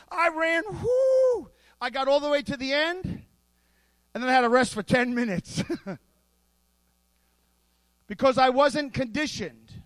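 A man preaching a sermon, animated and playful, with asides worked into his points. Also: extremely high pitch, no echo. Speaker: pastor.

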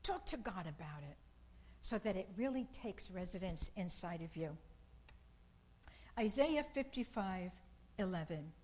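Slow, earnest woman preaching. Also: fairly low pitch, animated, a little mellow, low-quality recording. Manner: slow, earnest and repetitive, rising to bursts of emphasis. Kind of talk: informal sermon.

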